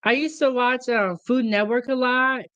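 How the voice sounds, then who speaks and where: Woman from the United States, show host, casual curious chat, smooth voice, dry sound. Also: on the high side, steady tone, moderate pace, fairly bright tone, no room sound, muffled recording. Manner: friendly and curious, asks questions.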